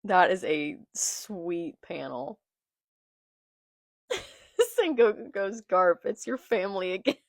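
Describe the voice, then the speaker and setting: A woman's voice: medium pitch, sing-song, takes it slowly, long pauses, no room sound, studio quality. A young woman reading comic dialogue aloud in a casual reaction video and commenting on it between the lines. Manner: reads manga dialogue aloud, then comments. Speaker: manga reaction vlogger. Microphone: phone filmed in portrait.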